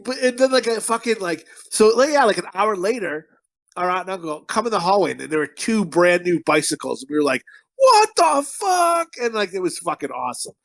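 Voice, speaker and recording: A man's voice: high voice, fairly quick, dry recording. A man from Connecticut hosting a podcast in casual, profane, rambling banter. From Connecticut, USA. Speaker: podcast host.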